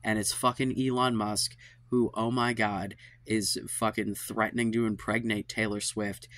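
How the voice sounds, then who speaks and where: With a lowish, slightly bright voice, this man speaks a little slowly and flatly, recorded without echo. He's a channel host giving dating advice, sighing and trailing off through an exasperated, profane monologue to camera, fed up and tired.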